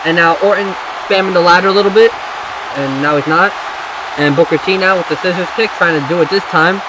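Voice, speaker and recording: A man giving excited, rambling play-by-play of a wrestling video game, swearing and yelping at the big moves. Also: high voice, a little fast. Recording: loud game crowd and noise behind voice. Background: wrestling game crowd audio.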